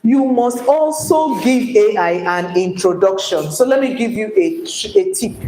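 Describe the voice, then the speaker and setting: A woman with a Nigerian accent giving a live workshop lecture, animated and coaxing her audience with repeated points. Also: medium pitch, a little hiss or hum. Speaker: workshop trainer. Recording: echoey hall.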